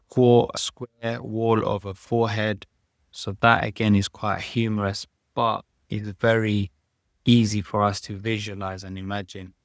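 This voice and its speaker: A man with a British accent teaching a lesson on English writing, explaining in a measured way and reading passages aloud. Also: lowish voice, no echo, clean studio sound.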